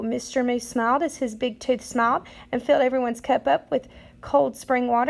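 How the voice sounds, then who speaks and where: A woman reading a children's picture book aloud in a steady, measured way. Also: fairly high pitch, vocal fry. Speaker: storyteller.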